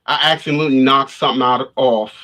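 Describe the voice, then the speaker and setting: Speaking a little fast in a mid-range voice with fairly even intonation, this male spiritual vlogger sounds bright and forceful. He rambles through a casual story for his live viewers, often restarting and repeating himself, picked up by his livestream camera.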